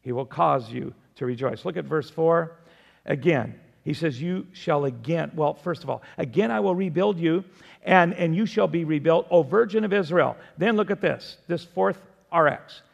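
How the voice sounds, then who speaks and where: An older man preaching a sermon as pastor, emphatic, swinging between loud declarations and soft appeals. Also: fairly high pitch, moderate pace, gravelly, in a large hall, muffled recording.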